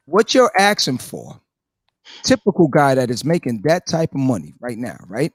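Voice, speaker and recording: A man's voice: mid-range voice, normal speed, breathy edge, no echo, studio quality. A young man hosting a podcast, arguing animatedly in casual group chat while playing a dating-coach character. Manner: animated, argues and interrupts. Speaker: podcast host.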